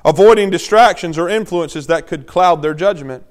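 A man preaching a sermon, moving from quiet teaching to loud, urgent exhortation. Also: fairly high pitch, moderate pace.

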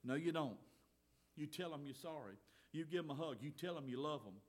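Earnest pastor preaching. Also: male voice, on the high side, animated, brisk. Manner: folksy, earnest, swings from loud exhortation to soft asides. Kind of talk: sermon. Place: church.

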